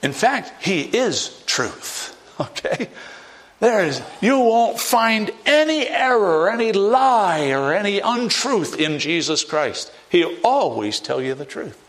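Emphatic preaching man, higher-pitched voice. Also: very animated, takes it slowly. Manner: emphatic preaching with wide swings of pitch and loudness; acts out doubters in a mocking higher voice. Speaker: pastor. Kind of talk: sermon.

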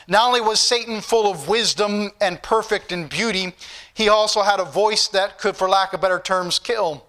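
Bright high-voiced male preacher. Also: moderate pace. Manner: reads scripture aloud in King James wording; addresses the congregation directly. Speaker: pastor. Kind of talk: sermon.

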